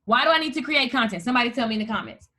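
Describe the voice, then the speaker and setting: Upbeat woman coach, bright and high-voiced, hyping up viewers live. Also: very fast. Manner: energetic, hyped, addresses viewers as "you guys". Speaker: host and coach. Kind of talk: live video tutorial.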